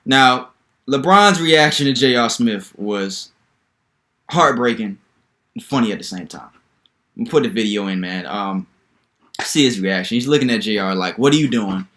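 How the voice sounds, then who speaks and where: Animated young man ranting about basketball. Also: medium pitch. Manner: animated, incredulous, rambling with repeated phrases. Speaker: sports video host. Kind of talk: solo basketball commentary video.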